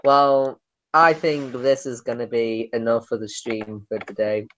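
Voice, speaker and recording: A woman's voice: rumbling low, flat delivery, unhurried, fairly bright tone. A young woman hosting a stream, chatting casually with friends and rambling through silly stories with lots of fillers. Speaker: stream host. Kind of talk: casual group voice chat. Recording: noisy voice-chat stream recording.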